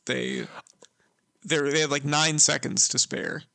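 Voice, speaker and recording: A man with a higher, gravelly and bright voice co-hosting a podcast, blunt and opinionated, with plenty of 'like's. The sound is dry and close to the mic. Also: fairly even intonation, measured pace, no echo. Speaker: podcast co-host. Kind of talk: casual chat recapping a reality show.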